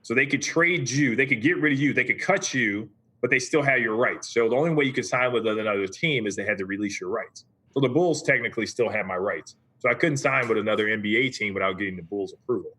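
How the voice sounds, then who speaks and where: A man's voice: mid-range voice, fast talker, sharp tone, breathy edge. A man in his forties, a former basketball player, telling his story as a podcast guest in an easygoing way, often checking in with "right?". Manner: easygoing, tags points with "right?". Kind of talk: casual interview storytelling.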